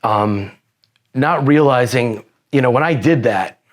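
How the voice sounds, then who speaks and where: Unhurried and mid-range in pitch, a male podcast guest casually relates his life story. He rambles along, cursing frequently and leaning constantly on "you know."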